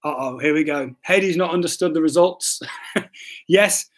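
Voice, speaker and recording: A man's voice: high-pitched, fairly even intonation, normal speed. A man, a pastor hosting a casual church livestream, reading out quiz results in a joking, self-deprecating way. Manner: jokey and self-deprecating, stumbles and apologizes. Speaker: pastor hosting a live stream.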